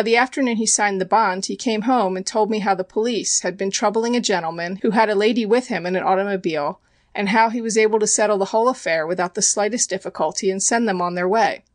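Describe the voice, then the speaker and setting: A woman reading as a meek young countess, gentle and artless, sighing over her troubles. Her voice sits at a middle pitch, recorded dry and close. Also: no room sound, close to an everyday voice.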